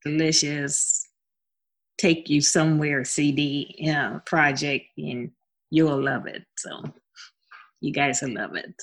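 Female singer, interview guest: husky, expressive, conversational. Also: low-pitched, takes it slowly. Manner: expressive and chatty, with frequent laughs. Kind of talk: casual interview chat.

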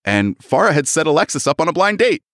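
A man co-hosting a podcast, casually recapping a novel's plot and tossing in quick voices for its characters. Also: a little high, very animated, a bit bright, no room sound, clean studio sound. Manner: retells the plot, acting out lines in quick voices. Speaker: podcast co-host. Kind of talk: casual book recap chat.

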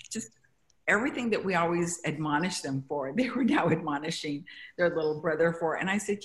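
A middle-aged woman from Mexico, a guest in an interview, telling stories with halting restarts. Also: lowish voice. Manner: warm storytelling, grows emotional, halting restarts. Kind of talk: conversational interview.

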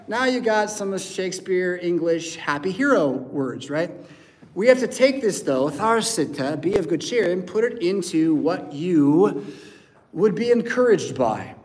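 An American man, a pastor, preaching a lively sermon in church and acting out voices and sounds. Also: high voice, measured pace. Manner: animated, acts out voices and sounds.

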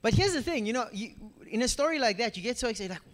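A young man preaching a casual, animated sermon in a church, talking straight to the congregation with lots of asides. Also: very high-pitched, quick pace, in a large hall. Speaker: pastor. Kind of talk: conversational sermon.

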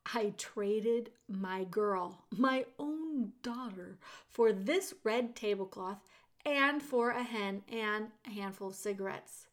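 A woman voicing a weary, remorseful male prisoner who speaks in a halting, confessional way. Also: medium pitch, natural voice.

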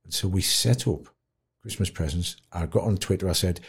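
A man's voice: deep voice, moderate pace, gravelly, slightly rough. A man, a podcast guest telling blunt, chatty stories in a colloquial way. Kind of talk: animated storytelling in an interview.

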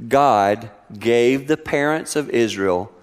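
A middle-aged man preaching a sermon, telling family stories with lively acted-out voices. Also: slow pace, clean tone. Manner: animated storytelling, acting out voices with high-pitched exclamations. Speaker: pastor.

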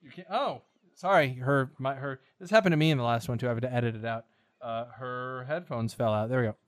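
A man's voice: mid-range voice, a little fast, no echo. A young man co-hosting a podcast, joking around and making silly "meh" noises in casual chat. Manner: goofy, keeps making a silly bleating "meh" sound. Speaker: podcast co-host.

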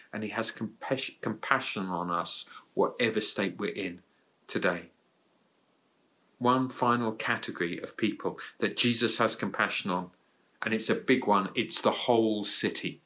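Male preacher, bright ringing tone, earnest and encouraging delivery with swells and soft drops. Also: medium pitch. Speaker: pastor. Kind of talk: sermon.

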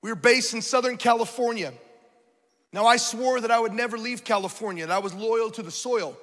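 High, bright preacher in a big hall. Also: male voice, a little fast. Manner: animated, self-mocking, laughs often. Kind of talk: sermon storytelling. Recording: preaching in a large reverberant hall.

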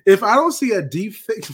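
Animated high-voiced man ranting. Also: breathy edge. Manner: animated, profane, emphatic ranting. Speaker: podcast co-host. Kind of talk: casual chat.

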